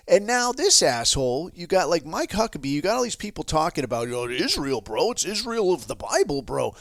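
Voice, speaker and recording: A man's voice: a little high, fairly bright tone, dry recording, studio quality. A man hosting a podcast, ranting heatedly with constant swearing and sarcastic asides. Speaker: podcast host. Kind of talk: profane political rant.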